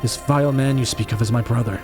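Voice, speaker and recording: Man voicing a traitor general, sly, insistent, middle pitch, faint music. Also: steady tone, quick pace, close to an everyday voice. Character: treacherous male general, sly and accusing. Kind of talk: fan audio drama acting.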